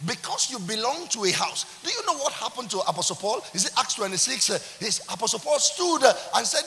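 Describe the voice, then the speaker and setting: Man, Nigerian accent, pastor preaching, high bright voice, long church-hall reverb, faint hiss. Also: fairly quick, hardly any pauses. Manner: animated preaching with laughs and call-and-response. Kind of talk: sermon.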